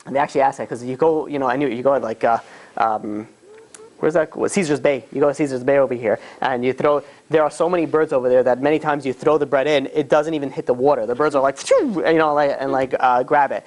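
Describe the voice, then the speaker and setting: Rabbi guy rambling thru a story sermon, super quick, lots of um and you know. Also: medium pitch, fairly even intonation, darkish tone. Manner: rambling, many fillers, acts out quoted voices.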